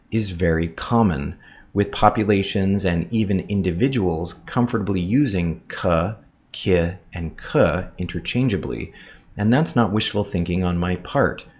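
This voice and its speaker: Deep-voiced man in precise, formal commentary. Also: a little mellow. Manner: precise, formal, spells words out letter by letter; pointed, addresses his critic directly. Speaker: author rebutting a critic. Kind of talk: scripted commentary video.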